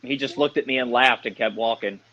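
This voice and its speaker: A man chimes in as color commentator beside the play-by-play caller, dropping dry asides about the action. His voice is mid-pitched for a man. The mic sounds dull and lo-fi. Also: fairly quick, pushed and bright. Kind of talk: casual wrestling commentary.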